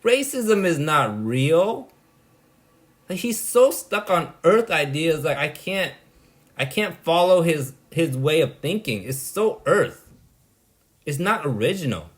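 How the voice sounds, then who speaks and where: A man's voice: a little high, big pitch swings, slow. A man delivering a rambling, blunt monologue, dismissive and exasperated, often tagging "right?" onto his points. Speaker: vlogger.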